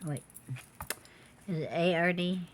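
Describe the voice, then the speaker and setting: A woman's voice: fairly low pitch, steady tone, slow. A woman selling jewelry in a casual vlog from a room at home, chatty and muttering to herself with frequent exclamations. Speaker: online jewelry seller. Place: home room with door open.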